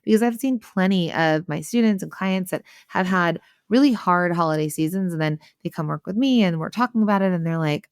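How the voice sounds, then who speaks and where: Female podcast host, slightly low and gravelly, chatty coaching delivery, dry close sound. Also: brisk, hardly any pauses, no echo. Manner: chatty, peppered with "like" and "right?"; acts out customer and waiter voices. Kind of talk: solo podcast coaching talk.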